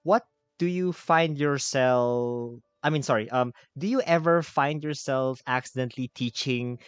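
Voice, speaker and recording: A man's voice: medium pitch, unhurried, clean tone, no echo, faint music behind. A man hosting a casual interview, asking questions with many restarts and fillers. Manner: hesitant, many restarts and fillers, laughs easily. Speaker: host.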